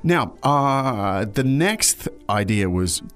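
Lively-voiced male language podcast host. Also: mid-range voice, very slow, faint music behind. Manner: chatty, joking, lots of fillers. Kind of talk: casual language lesson chat.

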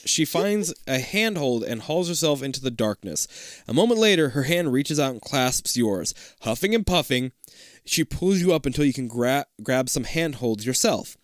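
Animated man reading a choose-your-path book aloud. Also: mid-range voice, normal speed, dry recording, studio quality. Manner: animated, swearing, laughs and breaks off to joke.

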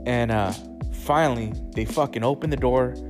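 A man's voice: medium pitch, moderate pace. Profane man telling his story over music. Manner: loose and profane, with frequent "like" fillers and restarts. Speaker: storyteller recounting his own experience. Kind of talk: casual first-person storytelling. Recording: clear music playing under the voice.

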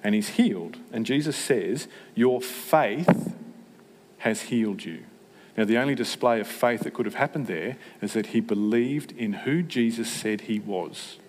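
A man preaching a sermon, humorous and self-mocking, with animated asides. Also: lowish voice, moderate pace, few pauses. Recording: long hall reverb.

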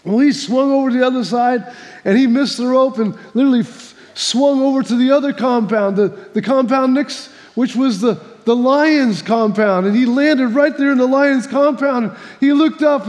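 A man's voice: very high voice, a little mellow, big-room sound. A man preaching a sermon, telling a folksy joke before reading scripture, with many restarts and repeats. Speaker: pastor.

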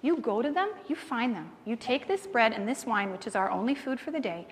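A woman's voice: a little high, brisk. A woman in her thirties preaching a sermon, telling family stories and acting out what people said. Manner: animated storyteller acting out family quotes. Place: church sanctuary. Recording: reverberant church hall, faint room noise.

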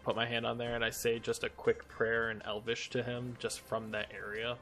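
A man playing a tabletop role-playing game, talking in a measured, easy way. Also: medium pitch, monotone, fairly bright tone, soft background music. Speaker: player.

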